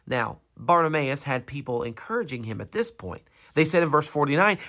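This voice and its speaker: A preacher retells a Bible story in a sermon. The pitch moves a great deal. Rhetorical questions and dramatic emphasis carry the story forward. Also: big pitch swings, normal speed, hardly any pauses, a bit bright.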